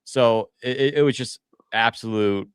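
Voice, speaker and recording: A man co-hosting a live reaction stream, talking in a rambling, excitable way with many restarts. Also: medium pitch, normal speed, smooth, dry recording, studio quality. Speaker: co-host of a team podcast stream. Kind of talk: casual live reaction chat.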